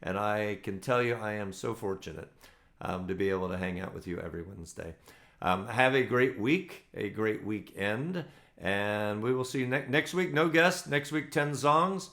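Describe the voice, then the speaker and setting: A man's voice: fairly low pitch, expressive, moderate pace, a bit bright. A man hosting an online ukulele play-along, signing off casually in a loose, rambling way with many ums. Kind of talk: casual sign-off to online viewers.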